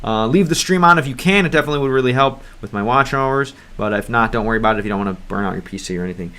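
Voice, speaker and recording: A man's voice: medium pitch, racing, bright, forceful tone. An American man streaming a game, chatting in a rambling, hesitant way and sounding out foreign words as he goes. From United States. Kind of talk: livestream gameplay chat.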